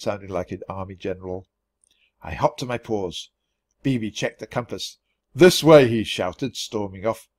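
A man reading a children's book aloud for language learners, telling the story expressively in the first person. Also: mid-range voice. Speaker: storybook reader.

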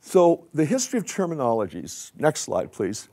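A man's voice: a little high, huge pitch swings, normal speed, gravelly, dark tone. An older man giving a conversational conference lecture with slides, asking the audience questions. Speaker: conference speaker.

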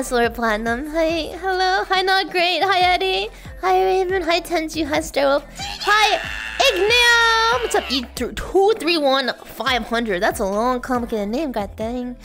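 A woman streamer with a high voice that leaps all over the place. She chats casually and playfully with her viewers and often bursts into shouts and laughs. Faint music plays underneath. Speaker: livestreamer. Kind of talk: casual livestream chat greeting viewers.

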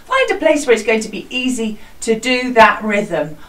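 Lively British teacher woman, a bit distant. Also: on the high side, moderate pace. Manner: bright, encouraging, singsong teacher voice. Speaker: primary school music teacher. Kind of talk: home music lesson for children. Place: small hut classroom.

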